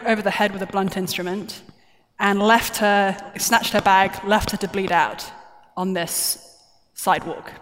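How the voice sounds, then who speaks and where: A woman's voice: medium pitch, fairly bright tone. A woman giving a plenary talk at a conference, chatty, jokey and self-deprecating. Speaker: conference speaker. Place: large conference hall. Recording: roomy hall reverb from a stage mic.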